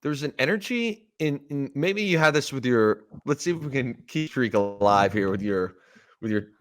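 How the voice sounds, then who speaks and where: A mid-pitched man in his thirties from Canada hosts a casual sports podcast. He tells stories in an animated way, jumping into quoted lines and swearing casually. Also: moderate pace. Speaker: podcast host, former player.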